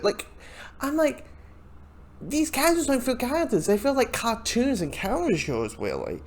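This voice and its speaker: A man's voice: high voice, wildly swooping pitch, normal speed, a little mellow. A man giving a casual, rambling spoken review of a movie, talking loosely and sometimes slipping into the voices of the people he quotes. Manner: rambling, acts out quoted lines. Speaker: film reviewer.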